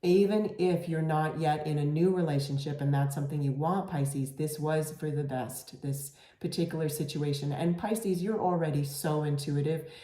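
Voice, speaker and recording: A woman's voice: low-pitched, moderate pace, few pauses, dark tone. A woman giving a casual, reassuring tarot reading to camera, with many fillers and restarts. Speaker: tarot reader. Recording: echoey room.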